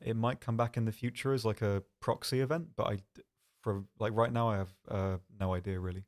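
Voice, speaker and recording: A young man hosting a live stream, answering chat questions in a calm, soft-spoken, dry and self-deprecating way. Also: mid-range voice.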